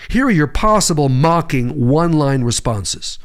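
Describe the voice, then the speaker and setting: A man's voice: medium pitch, lively intonation, normal speed. A man, a psychologist, delivering a blunt, emphatic advice monologue straight to his viewers. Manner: emphatic, blunt, punchy delivery with sharp rises. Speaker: psychologist giving relationship advice.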